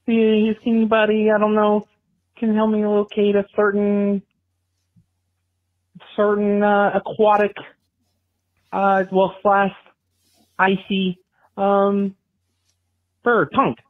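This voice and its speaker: A man's voice: sits high, monotone, takes it slowly, long pauses. A man voicing a petty, boastful man with a lisp who leaves rambling voicemails and waves things off with "blah, blah". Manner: dismissive, trails off into "blah, blah". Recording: dull lo-fi voicemail audio.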